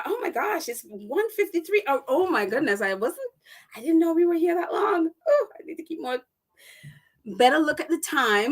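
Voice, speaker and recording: A woman hosting a casual live-stream chat, reading viewer comments aloud with indignant, exclaiming commentary. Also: high voice. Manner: indignant, exclaiming, laughs often.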